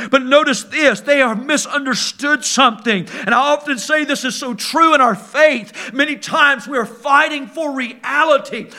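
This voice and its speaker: A man preaching a sermon, moving between quiet, low passages and loud, shouted peaks, acting out voices as he tells stories. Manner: acts out quoted voices in storytelling.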